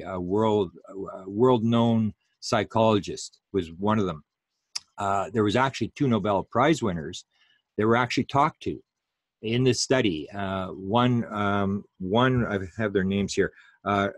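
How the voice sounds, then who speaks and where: A man's voice: on the low side, no echo. A man giving an online lecture, talking unhurriedly with many fillers and restarts.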